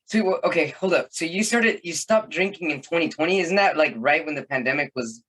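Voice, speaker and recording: A man's voice: on the high side, expressive, a little fast, a bit bright, slightly rough, rough recording. A man hosting a podcast interview, giving brief supportive replies and asking follow-up questions. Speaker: podcast host. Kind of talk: casual interview chat.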